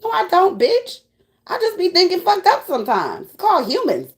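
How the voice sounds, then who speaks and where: Black woman preaching at her viewers, high voice, cussing, blunt and fired up. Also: normal speed. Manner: blunt, profane, preachy and animated. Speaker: tarot reader. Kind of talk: spiritual pep talk to viewers.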